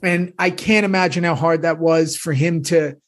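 A man's voice: a little high, fairly even intonation, moderate pace. A man chatting casually with old castmates, rambling and effusive, full of restarts and fillers. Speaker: actor reminiscing with former castmates. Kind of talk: casual chat.

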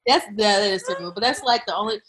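A woman's voice: medium pitch, fast talker, crowd noise. A young woman in a casual group chat, blunt and candid, swearing freely. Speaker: podcast co-host.

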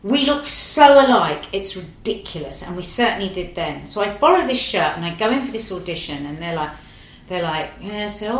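A woman's voice: lowish voice, a little fast, hardly any pauses, slight background noise. Brief: woman, middle-aged, chatty anecdotal guest, room echo. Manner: lively, animated, swears casually. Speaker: actress guest. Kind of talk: casual anecdotal storytelling. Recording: roomy echo.

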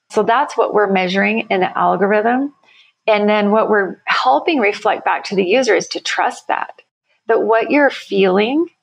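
A woman company founder, guest on an interview, explaining her work energetically with quick everyday examples. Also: medium pitch, creaky, slightly rough, rough recording. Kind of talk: conversational interview.

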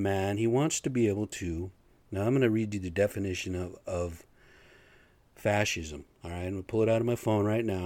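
Blue-collar man venting alone, profane and rambling, low pitch, dead-dry room. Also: darkish tone, no echo. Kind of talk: casual solo rant.

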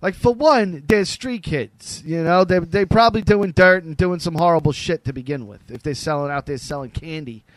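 A man's voice: on the high side, moderate pace, hardly any pauses, dry recording. A man in casual chat, bluntly telling stories and swearing a lot. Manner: blunt, profane, animated storytelling.

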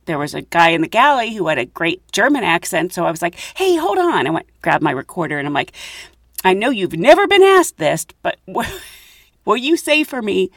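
A woman's voice: mid-range voice, sing-song, normal speed, fairly bright tone, no echo, studio quality. A woman hosting her own podcast, telling funny stories in a chatty, giggly, self-mocking way from a closet at home. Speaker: podcast host. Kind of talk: casual storytelling monologue.

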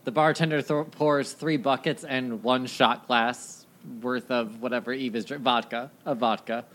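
A man's voice: medium pitch, steady tone, a little slow, a bit bright. Man running a tabletop game. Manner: loose, profane banter. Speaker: game master.

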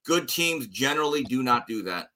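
A man's voice: mid-range voice, expressive, moderate pace, bright, forceful tone. A man giving blunt, emphatic and sarcastic opinions as a guest analyst on a sports talk show.

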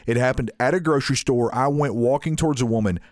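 A man telling a long story in casual chat, animated and full of restarts. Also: mid-range voice, fast, dry recording, clean studio sound. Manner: animated, frequent restarts, mimics others in story.

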